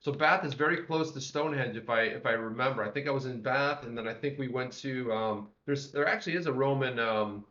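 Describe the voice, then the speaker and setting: A man's voice: mid-range voice, fairly quick, few pauses, bright, forceful tone. Man, livestream co-host, rambling casual chat, roomy sound, dull audio. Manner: chatty, rambling, greets viewers by name.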